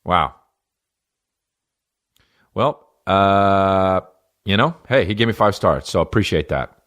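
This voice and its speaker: Low-voiced dude hosting a comedy podcast, swears a lot, rambles and jokes around. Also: male voice, lively intonation, takes it slowly, a bit bright. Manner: profane, rambling, jokey. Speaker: podcast host.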